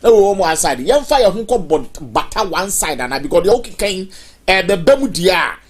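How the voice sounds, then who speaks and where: Ghanaian TV host, mid-pitched voice. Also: very animated, fairly quick. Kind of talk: studio talk, switching between English and Twi.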